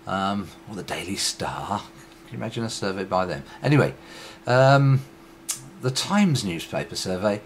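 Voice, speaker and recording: A man's voice: low voice, fairly bright tone, slight background noise. A man from Britain talking casually to his vlog audience, reading out survey figures with wry, sarcastic asides. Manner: reads figures aloud with asides. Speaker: YouTube vlogger. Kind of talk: casual spoken commentary.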